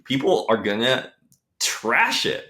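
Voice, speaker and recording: A man's voice: medium pitch, big pitch swings, slow, bright, forceful tone. A man hosting a podcast, setting up a thoughtful question in a casual interview. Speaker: podcast host.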